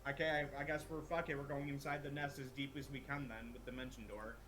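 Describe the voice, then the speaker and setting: A man's voice: medium pitch, little pitch movement, fast, bright, forceful tone. A man playing a tabletop role-playing game, thinking aloud in a rambling way and swearing casually. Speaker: player.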